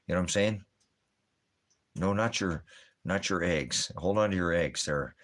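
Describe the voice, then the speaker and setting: This man has a deep, a bit bright voice and speaks unhurriedly. Hosting a ministry stream at home with a dog and a fire, he rambles through a laid-back monologue of puns and rhymes.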